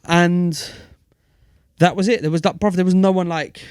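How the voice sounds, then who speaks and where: Slangy London man, higher voice. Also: normal speed, clear, resonant tone, no room sound, studio quality. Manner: slangy, animated storyteller. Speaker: podcast co-host. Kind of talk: casual chat, storytelling.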